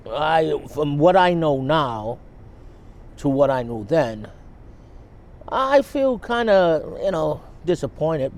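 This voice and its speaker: A man's voice: fairly high pitch, warm tone. A man interviewed for a documentary, speaking hesitantly and reflectively.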